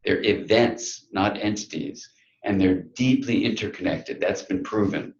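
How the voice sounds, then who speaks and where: A middle-aged man with a very low voice gives a reflective talk to an audience, drawing out his stories with quiet pauses. The sound is roomy and a little dull, as if recorded in a hall. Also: creaky. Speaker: speaker.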